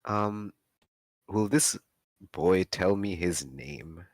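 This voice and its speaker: Woman, very low voice, slow and calm, tabletop player, dry close sound. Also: no echo. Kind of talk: playing a tabletop game.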